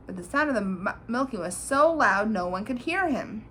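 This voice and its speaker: A woman reading a storybook aloud to a child, animated and pointing out the pictures as she goes. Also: fairly high pitch, normal speed, hardly any pauses, a little hiss or hum, poor audio.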